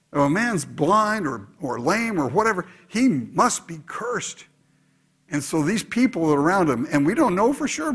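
A man preaching a sermon, dropping to quiet asides and rising to loud exhortation. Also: high-pitched, husky. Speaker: pastor.

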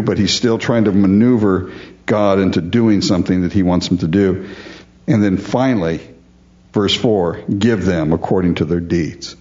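A man's voice: low voice, moderate pace, darkish tone, lo-fi sound. A man preaching a sermon, earnest and emphatic, often calling his listeners folks. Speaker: pastor.

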